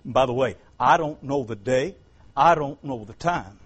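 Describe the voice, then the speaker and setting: Husky Southern preacher man. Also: normal speed, rough recording. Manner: swings from quiet storytelling to loud high-pitched preaching. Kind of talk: revival sermon.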